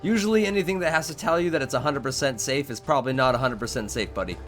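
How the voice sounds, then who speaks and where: A man's voice: mid-range voice, fast, faint music behind. A young man hosting a game live stream, talking casually with his chat in a rambling, profane way.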